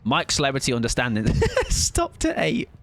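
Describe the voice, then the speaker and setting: A man's voice: medium pitch, huge pitch swings, normal speed. A man chatting casually and joking through a gaming stream, swearing freely and mocking himself.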